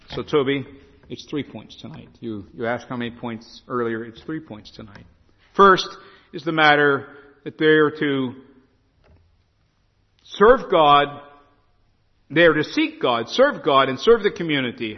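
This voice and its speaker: A man preaching a sermon, telling stories and reading scripture slowly with emphasis. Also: medium pitch, in a large hall, lo-fi sound. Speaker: pastor.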